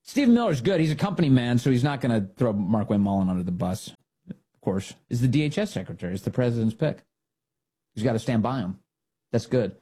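A male talk radio host at a studio microphone, delivering opinionated commentary. His mid-pitched voice swings widely up and down as he presses his points. The tone is a little husky, and he keeps throwing in sarcastic asides. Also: fairly quick. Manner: animated, emphatic, sarcastic asides.

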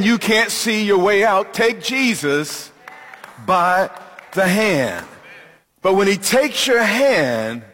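A man preaching a sermon as pastor, emphatic, with dramatic pauses and questions to the congregation. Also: a little high, a bit bright, slightly rough, long reverb tail.

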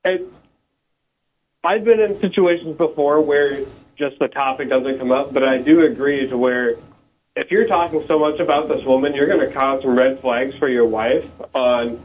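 A man co-hosting a radio talk show, giving his opinion haltingly and restarting his thoughts. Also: mid-range voice, slight background noise, poor audio. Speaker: radio co-host.

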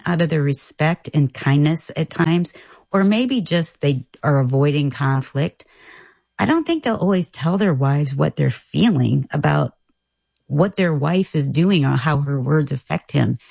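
Gravelly, husky woman sharing earnestly. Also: low-pitched, animated, unhurried, dry recording, studio quality. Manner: earnest, reflective storytelling with soft laughs. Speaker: guest author. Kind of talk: casual radio conversation.

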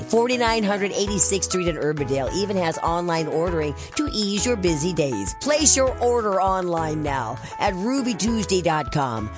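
A woman with a lowish voice reads a radio commercial in a smooth, selling tone. Clear music plays behind her. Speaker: ad announcer.

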